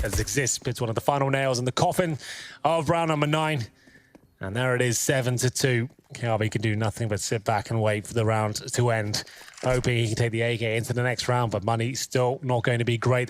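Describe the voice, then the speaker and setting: A man calling an esports match, giving measured, analytical play-by-play. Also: mid-range voice. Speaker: esports caster. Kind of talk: play-by-play commentary.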